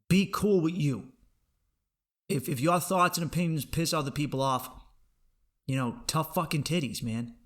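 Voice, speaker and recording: A man hosting a comedy podcast, delivering a profane, animated rant and acting out other people's voices in quotes. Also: medium pitch. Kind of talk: ranting comedic monologue.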